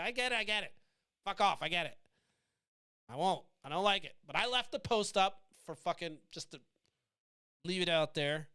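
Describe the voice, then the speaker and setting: Blunt swearing American man, smooth voice. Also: sits high, expressive, normal speed, fairly bright tone, dry recording. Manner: blunt, defiant, swears freely. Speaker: podcast host. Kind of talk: casual profane monologue.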